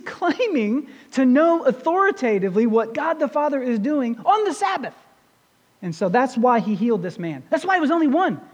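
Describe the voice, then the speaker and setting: A pastor delivering a sermon in a church, telling a scripture story in a chatty, conversational way and turning to the congregation with rhetorical questions. The voice rises and falls in a lively, expressive way. A long reverb trails after each phrase, as in a large hall. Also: high voice, highs cut off.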